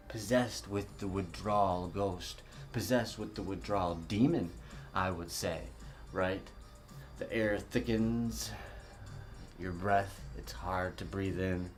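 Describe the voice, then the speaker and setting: A man hosting a recovery talk show as a casual livestream. He rambles playfully, greets viewers by name, and swings between fast chatter and slow, dramatic lines. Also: low voice.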